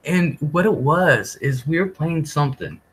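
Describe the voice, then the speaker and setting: A man's voice: a little high, animated, unhurried, fairly bright tone, slightly rough, low-quality recording. A man hosting a live stream, telling a rambling story casually, often laughing and swearing. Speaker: livestream host.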